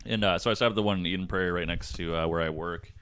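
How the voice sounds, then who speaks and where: Laid-back, low-voiced man podcasting. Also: steady tone, very fast, a bit bright, smooth, no room sound, clean studio sound. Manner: laid-back, laughing, profane. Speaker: podcast co-host. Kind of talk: casual comedic chat.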